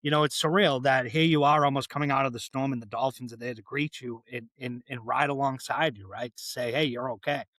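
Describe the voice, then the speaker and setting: A man's voice: medium pitch, fairly even intonation, a little fast, hardly any pauses, a bit bright, no room sound. A man hosting a podcast, reflecting on his guest's story in a rambling way and often asking "right?". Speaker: podcast host. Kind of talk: casual interview chat.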